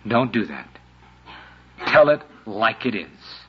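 A man delivers a sermon in a lively, dramatic style, at times acting out the voices of people he quotes. His voice sits on the low side, moving at a slow pace with a slightly rough texture. The recording is muffled and lo-fi.

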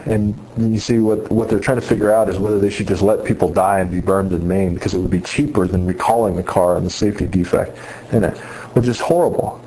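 A man's voice: low voice, fairly even intonation, fast, mellow, a little hiss or hum, low-quality recording. A man giving an earnest sermon-style talk to students, retelling a story with many restarts. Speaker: speaker addressing students on faith.

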